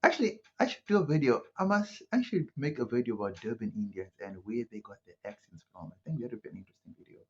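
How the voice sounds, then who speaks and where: Male commentator from South Africa, husky and animated, casual chatty monologue, muffled lo-fi sound. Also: mid-range voice, fast, few pauses. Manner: conversational, rhetorical asides, frequent "right?" and "you know". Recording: muffled lo-fi audio.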